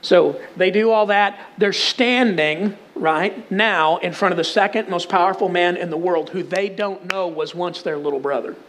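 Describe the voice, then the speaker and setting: Texan male pastor, middle-aged, high-pitched voice, easygoing storytelling sermon. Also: normal speed, few pauses, a bit bright. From Texas. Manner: conversational storytelling with humor.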